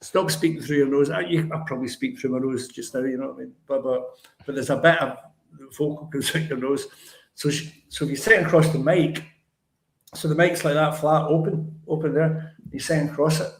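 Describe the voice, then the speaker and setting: Older Lanarkshire Scottish male guest, fairly high voice, animated storyteller, echoey room. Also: fairly quick. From Lanarkshire, Scotland. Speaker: guest musician. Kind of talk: casual chat. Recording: roomy echo.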